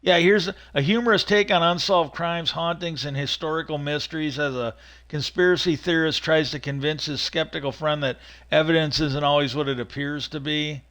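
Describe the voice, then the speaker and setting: A man's voice: a little high, steady tone, moderate pace, fairly bright tone. A man hosting a livestream, casually rambling through stories with many fillers and restarts. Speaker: livestream host.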